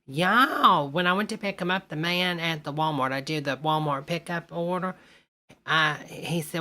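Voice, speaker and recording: A woman's voice: sits low, normal speed, sharp tone. An older woman, hosting a casual live stream and chatting folksily with viewers, calling everyone honey.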